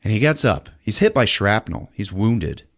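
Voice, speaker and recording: A man hosts a podcast and recaps a movie in a casual, animated way, swearing freely and acting out the scenes. His voice sits low but moves with lively swings in pitch. The sound is dry and close to the mic. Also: moderate pace, no room sound. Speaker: podcast host. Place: podcast studio.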